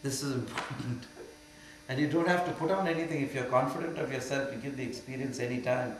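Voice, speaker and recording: A man's voice: medium pitch, steady tone, fast. Older Indian man teaching in an echoey hall. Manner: emphatic, swings from quiet to loud and mocking. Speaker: spiritual teacher. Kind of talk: spiritual Q&A talk. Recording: very echoey hall with faint hum.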